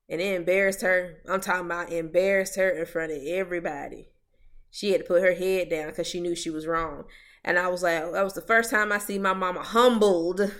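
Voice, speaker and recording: A young adult woman, co-hosting a candid casual chat, blunt and emphatic, and she swears freely. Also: fairly low pitch. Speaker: podcast co-host.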